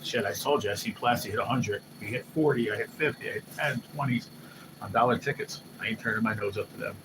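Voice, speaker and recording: A man hosts a live stream, chatting casually and excitably, swearing loosely and often mimicking what others said. His voice is lowish and his pace quick. A noisy background hum runs through the recording.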